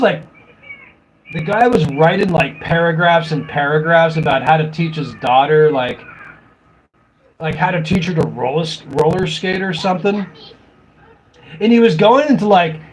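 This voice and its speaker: A man's voice: on the high side, lively intonation, moderate pace, a little hiss or hum, poor audio. A middle-aged man hosting a live stream, chatting casually, rambling and laughing often as he mocks commenters.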